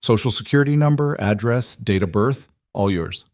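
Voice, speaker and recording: A man playing a cold, controlled mafia boss who talks in a calm, matter-of-fact, almost gentle way. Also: lowish voice, moderate pace, no room sound, studio quality.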